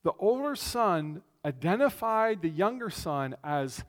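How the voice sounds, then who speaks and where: A man preaching a conversational sermon as pastor, telling the story with animation and swinging between loud and hushed. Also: sits high, expressive, a little slow. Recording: long reverb of a large hall.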